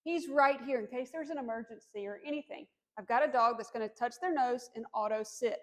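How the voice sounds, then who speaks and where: A woman dog trainer calmly explaining commands during a demonstration, encouraging and firm on cues. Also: on the high side, brisk. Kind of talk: instructional demonstration.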